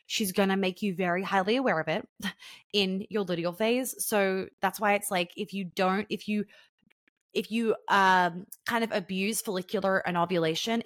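A woman's voice: mid-range voice, no room sound. Frank, chatty young woman, dry close sound. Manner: chatty and frank, acts out quoted voices. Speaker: podcast guest. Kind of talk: casual podcast talk.

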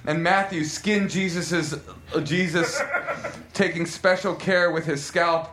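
A man performs a comic reading of filthy fiction on a live club stage. His voice sits a little high, and it jumps higher when he voices the characters. The room is echoey, with faint noise behind. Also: fairly even intonation, measured pace. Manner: reads dramatically, voices characters with raised pitch. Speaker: comedian reading erotic fan fiction.

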